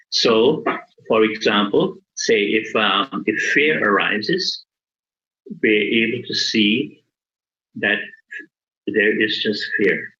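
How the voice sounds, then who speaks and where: A middle-aged man, a Buddhist monk, giving a dharma talk in a measured, deliberate way with pauses. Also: fairly low pitch, pushed and bright. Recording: dull lo-fi recording.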